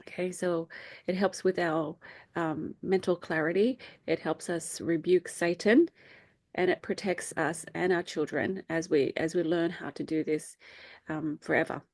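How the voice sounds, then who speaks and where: A woman's voice: steady tone, measured pace, a little mellow, no room sound. A middle-aged woman hosting a faith group over a video call, talking casually with many fillers and acting out quotes. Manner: chatty, many fillers, acts out quotes in a high voice.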